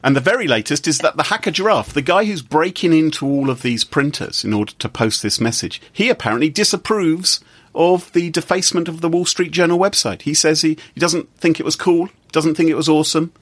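A man's voice: a little high, fairly quick. A man co-hosting a casual news podcast, telling stories with sarcasm. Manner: sarcastic, animated storytelling. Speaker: podcast co-host.

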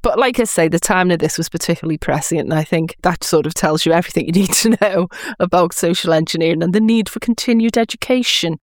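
A woman's voice: lowish voice, fast, dry recording. Chatty British woman, dry close sound. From Britain. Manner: chatty, emphatic, with laughs. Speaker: podcast guest, social engineer. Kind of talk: casual chat.

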